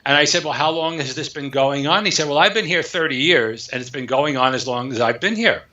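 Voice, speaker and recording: A man, an author guest in an interview, telling a story in an animated way and acting out the dialogue. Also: on the high side, a little fast. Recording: echoey, dull lo-fi sound.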